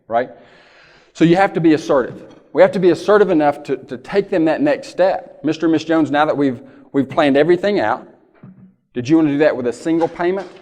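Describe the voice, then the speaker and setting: A man's voice: mid-range voice, a little mellow. A man giving a keynote talk in a large conference hall, telling folksy stories and often checking in with the audience. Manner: folksy storytelling, asks the audience "right?" often. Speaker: keynote speaker. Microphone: handheld or lapel mic. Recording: long hall reverb.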